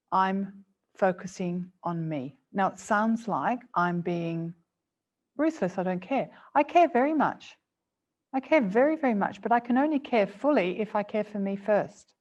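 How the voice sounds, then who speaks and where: A woman clinical psychologist presenting a seminar to a live and online audience, speaking earnestly and gently and repeating phrases for emphasis. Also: lowish voice. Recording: dull lo-fi webinar audio.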